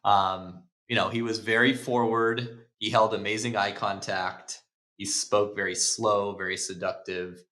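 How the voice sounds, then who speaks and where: A man's voice: on the low side, fairly even intonation, a little slow, sharp tone. A man hosting a podcast, breaking down movie scenes in casual chat, laid-back, swearing and laughing often. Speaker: podcast host. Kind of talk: casual film-analysis chat.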